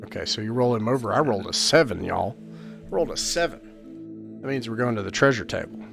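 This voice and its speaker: A man's voice: mid-range voice, lively intonation, brisk, vocal fry, music in the background. A man running an online tabletop game as game master, talking casually with many fillers and restarts. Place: home setup on an online call.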